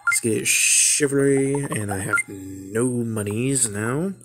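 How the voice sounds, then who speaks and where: A man's voice: mid-range voice, takes it slowly, loud music behind the voice. A man giving casual, profane gameplay commentary, rambling to himself and laughing at the game. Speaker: gameplay streamer.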